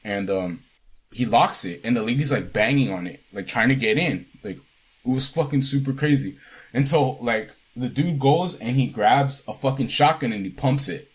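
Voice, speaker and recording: A man's voice: mid-range voice, moderate pace, husky. A man co-hosting a podcast, telling a childhood story in a casual, profane, laid-back way. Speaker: podcast co-host.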